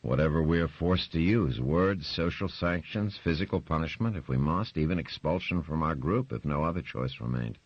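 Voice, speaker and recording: In a firm, measured way, a man plays a stern older patriarch laying down the law, his low voice rumbling yet animated. The recording is dry and slightly muffled, with no room sound.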